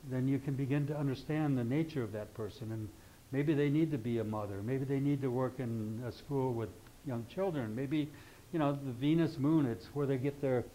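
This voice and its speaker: A man's voice: medium pitch, normal speed, mellow, slight background noise, low-quality recording. Man, older, astrology teacher, informal class lecture, conversational, rambling asides. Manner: conversational, keeps checking in with "okay?".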